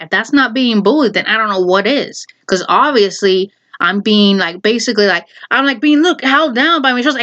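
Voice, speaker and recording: A woman's voice: on the high side, expressive, normal speed, hardly any pauses, a bit bright, lo-fi sound. A woman vlogger telling a personal story in casual talk, heated and exasperated, swearing freely.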